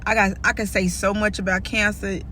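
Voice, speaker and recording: A woman's voice: medium pitch, little pitch movement, fairly quick, pushed and bright, a little hiss or hum. A woman vlogger talking candidly and casually to her viewers, calling them "y'all". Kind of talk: casual vlog chat to viewers.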